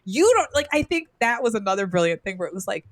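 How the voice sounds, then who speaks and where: A woman's voice: medium pitch, fast, dry recording. A woman co-hosting a podcast in casual chat, telling stories with acted-out quotes. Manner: animated storytelling with acted-out quotes. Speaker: podcast co-host.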